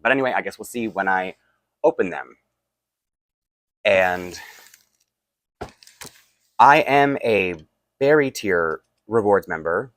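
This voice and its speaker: Speaking slowly with frequent pauses, this tired, groggy man has a lowish, animated voice that's a bit bright. He's a Canadian vlogger who collects toys, unboxing them and chatting casually with rambling asides.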